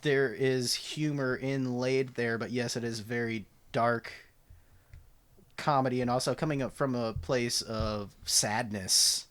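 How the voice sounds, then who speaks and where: Excitable young man chatting about movies. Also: mid-range voice, takes it slowly, clean tone. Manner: swearing, laughing, excitable. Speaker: podcast co-host. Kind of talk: casual chat about movies.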